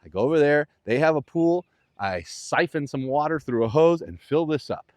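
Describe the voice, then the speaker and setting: A man teaching golf out on the course, his voice swinging up and down as he jokes and paints pictures for the viewer. Playful and animated, speaking with an outdoor mic. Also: on the high side, normal speed, dry recording. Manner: playful, animated coaching with vivid imagery. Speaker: golf instructor.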